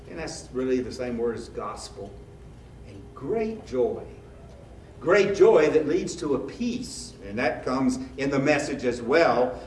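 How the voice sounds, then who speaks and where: A man's voice: on the high side, a little mellow, a little hiss or hum. A man preaching a sermon as a pastor, in a conversational style with rhetorical questions. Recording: echoey room, mic at a distance.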